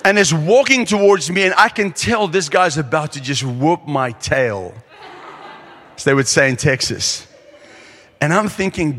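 A man preaching at a conference, telling a story with lively, acted-out quotes. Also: on the high side, measured pace. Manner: animated storyteller acting out quotes. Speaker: pastor. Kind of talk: sermon storytelling. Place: large conference hall. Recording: long hall reverb.

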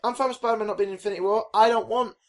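A man's voice: high voice, steady tone, very fast. A young British man co-hosting a podcast in casual, joking chat, often breaking into silly put-on voices. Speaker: podcast co-host.

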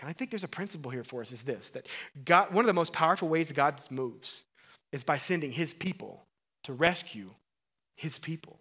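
A man preaching a sermon in an earnest, conversational way, rising to emphatic bursts and dropping to quiet asides. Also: a little high, animated, brisk, slightly rough. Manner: restarts and fillers, conversational. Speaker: pastor.

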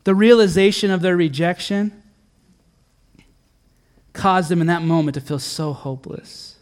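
Earnest high-voiced man, middle-aged, church sermon, swings between emphatic and quiet. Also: measured pace. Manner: earnest, builds to emphatic peaks then drops soft and low. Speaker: pastor.

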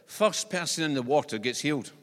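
A Scottish man preaching a sermon in a church, conversational and animated, with joking asides. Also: on the high side, fairly quick. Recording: long church-hall reverb.

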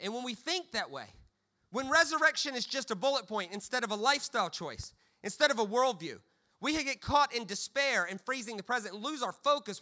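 With a bright, sharp, high-pitched voice, a man delivers a sermon that relies on humorous storytelling. He stammers, frequently repeating words.

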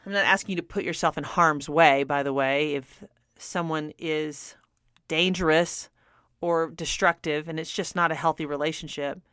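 A woman's voice: low voice, fairly even intonation, normal speed, a bit bright, clear, resonant tone, dry recording, studio quality. A middle-aged woman radio host telling a personal story in a candid, earnest way, laughing now and then. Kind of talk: personal testimony talk.

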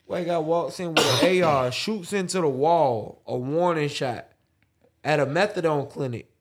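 A man co-hosting a podcast in relaxed, slangy casual chat, sometimes drawing his words out slowly. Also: on the high side, background noise. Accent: American English. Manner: relaxed slangy storytelling, drawls slowly at times. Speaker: podcast co-host.

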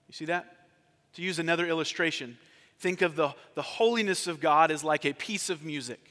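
A man's voice: fairly high pitch, brisk, fairly bright tone, in a large hall. A man preaching a sermon as pastor, talking in a conversational way and asking his congregation questions.

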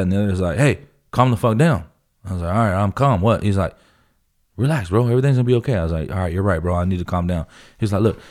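This podcast guest, a man in his thirties from California, has a low and slightly mellow voice. He tells stories emphatically in casual chat, swearing a lot and saying "bro" constantly.

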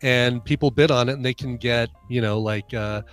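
A man's voice: mid-range voice, steady tone, normal speed, a bit bright, soft background music. A man co-hosting a podcast in casual chat, stuffy and congested, rambling with fillers. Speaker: podcast co-host.

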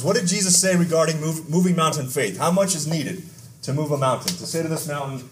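A pastor from Texas, preaching a conversational sermon with asides, stories and questions to the congregation. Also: male voice, a little high, expressive, a little fast, slight background noise.

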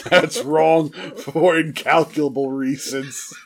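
A man's voice: on the high side, steady tone, slow, a crowd in the background. A man co-hosting a casual comedy podcast, teasing dryly and laughing a lot. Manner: dry teasing, frequent laughter. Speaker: podcast co-host.

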